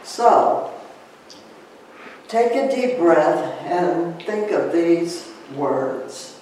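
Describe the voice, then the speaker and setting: A man guides a meditation at a very slow, calm pace, repeating each phrase after long pauses. His voice sits a little high. He is recorded from a distance in a very echoey room with a faint hiss behind him. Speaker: church leader guiding a Lent meditation. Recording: roomy, from a distance, with faint noise.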